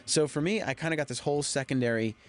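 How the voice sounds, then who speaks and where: A man's voice: a little high, quick pace. A young man, a film director, rambling candidly through a DVD commentary with frequent swearing.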